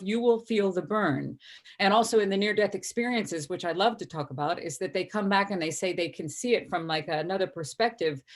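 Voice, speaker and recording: A woman hosting a live-stream discussion over a video call, chatty and earnest, reading viewer comments aloud. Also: medium pitch. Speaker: host.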